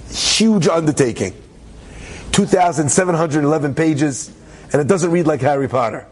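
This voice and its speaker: A man, a rabbi, telling a story to an audience in an animated, joking way, acting out the voices. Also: fairly high pitch, normal speed.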